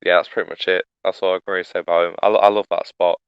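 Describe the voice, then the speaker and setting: Stammering young man, smooth lo-fi voice. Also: low-pitched, flat delivery, rapid-fire, no echo. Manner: brief agreeing replies, stammering. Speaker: podcast co-host. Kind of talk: casual chat about wrestling.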